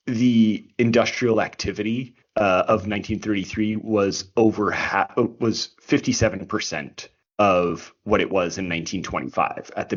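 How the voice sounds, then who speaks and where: Low, husky man explaining history. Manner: restarts often, tags points with "right?". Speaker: history podcast co-host. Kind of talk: casual explanatory chat. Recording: dull lo-fi recording.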